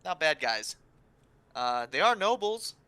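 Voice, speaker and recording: A hesitant, evasive sailor far from home, played by a man. He stalls with ums, then snaps when his ship is insulted. His voice is bright and crisp, recorded dry and close. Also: fairly high pitch, very animated, slow pace, no room sound, full character voice.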